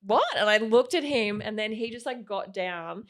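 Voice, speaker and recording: A woman's voice: medium pitch, normal speed. Chatty young woman full of "like". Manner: rambling, heavy use of "like"; animated when quoting. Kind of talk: casual storytelling chat.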